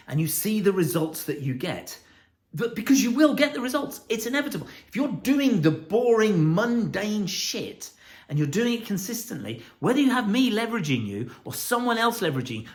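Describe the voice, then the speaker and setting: A man coaching about accountability in a blunt, intense, swearing monologue. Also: fairly high pitch. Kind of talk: profane motivational monologue.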